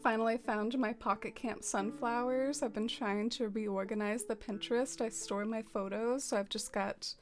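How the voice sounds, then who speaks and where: A soft-spoken woman streaming and chatting casually with her viewers. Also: a little high, fairly even intonation, normal speed, hardly any pauses, soft background music. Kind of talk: casual livestream chat.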